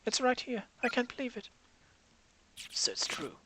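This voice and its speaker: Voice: medium pitch, moderate pace, voice pushed up, rough recording. A reader putting on a frightened teenage schoolgirl. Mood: disbelieving, relieved. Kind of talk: reading game dialogue aloud. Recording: steady background hiss.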